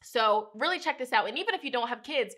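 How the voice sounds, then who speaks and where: A young woman with a fairly high voice gives a heartfelt tarot reading straight to her viewers. She talks earnestly and with feeling, circling back over the same phrases for emphasis. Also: animated, fast, fairly bright tone. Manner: emotional, earnest, repeats phrases, addresses viewers as you guys. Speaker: tarot reader.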